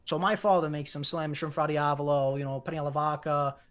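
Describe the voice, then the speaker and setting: A man's voice: fairly high pitch, flat delivery, fairly bright tone, clean tone. Rambling young New man. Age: 20s. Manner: fast rambling, repeats words, swears casually. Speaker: guest content creator. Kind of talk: casual podcast chat.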